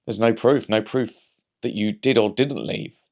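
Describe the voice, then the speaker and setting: A man's voice: lowish voice, steady tone, measured pace, darkish tone. A man, a comedian, talking to camera in a casual rambling monologue, wry and anecdotal, often restarting his sentences. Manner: wry, anecdotal, talks himself through hypotheticals with frequent restarts. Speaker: comedian and vlog host.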